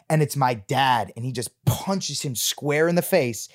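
A young man from Rhode Island, a guest in a casual interview, telling lively stories, swearing freely and laughing often. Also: medium pitch, fairly quick, few pauses.

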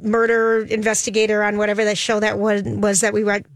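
A woman co-hosting a radio talk show, gushing and upbeat in casual chat with quick interjections. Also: mid-range voice, completely flat delivery, no echo.

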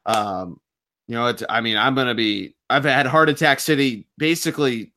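A man co-hosts a casual sports podcast, speaking at a moderate pace in a mid-range voice that sounds pushed and bright. He comes across as nervous, rambling and self-deprecating.

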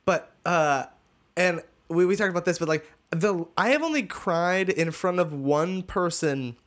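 A man hosting a podcast in casual chat, halting and restarting often and swearing freely. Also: sits high, fairly bright tone. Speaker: podcast host. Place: room, recorded for a podcast.

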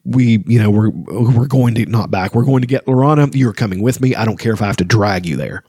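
A guilt-ridden half-elf leader refuses help with stubborn resolve, as a man reads him aloud. The voice is low and close to the mic. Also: brisk, dark tone, breathy edge, no room sound. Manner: read aloud evenly from a novel.

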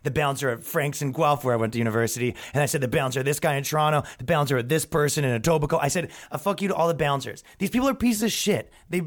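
A man hosting a podcast, delivering a rambling, profane, sarcastic comedic rant. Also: on the high side. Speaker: podcast host.

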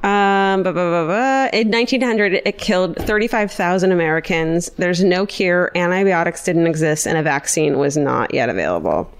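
Lady podcast host, kinda low voice, chatty and sweary, telling a story. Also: moderate pace, few pauses, smooth. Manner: profane, chatty, laughs often. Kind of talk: casual chat, retelling a case.

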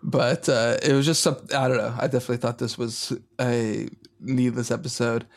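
A man's voice: medium pitch, level tone, normal speed. A man co-hosting a casual podcast, talking hesitantly with many fillers and trailing thoughts. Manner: hesitant, full of filler words. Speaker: podcast co-host.

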